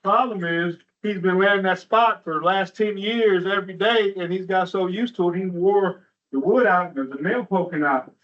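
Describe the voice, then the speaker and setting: A man's voice: high voice, moderate pace, pitched above the performer's own voice, close to an everyday voice. A man doing a drawling old porch-sitter. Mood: unbothered. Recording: muffled, distant from the mic.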